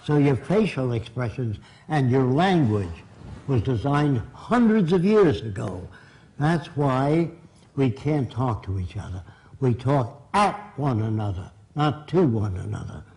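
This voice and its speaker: A man's voice: mid-range voice, sing-song, a little slow, a little mellow, low-quality recording. An older man from Brooklyn, giving a blunt, emphatic public lecture. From Brooklyn, New York.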